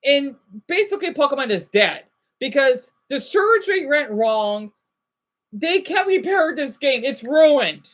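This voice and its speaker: A man's voice: extremely high pitch, sing-song, unhurried, a bit bright. A man in his thirties ranting in a rambling, agitated commentary vlog, swearing often and then apologizing. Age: 30s. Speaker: vlogger.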